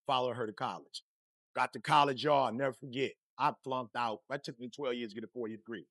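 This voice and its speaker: A man giving a motivational speech, energetic and preachy, full of slang and talking straight to the crowd. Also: medium pitch, quick pace, dry recording, clean studio sound. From Detroit, USA. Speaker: motivational speaker.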